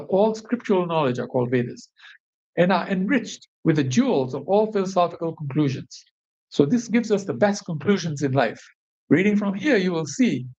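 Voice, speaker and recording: In a bridal shop's meeting space, a man leads a devotional group, reading scripture aloud and explaining it line by line while often checking in with listeners. His voice is high, a little mellow, and slightly rough, captured in a dull lo-fi recording.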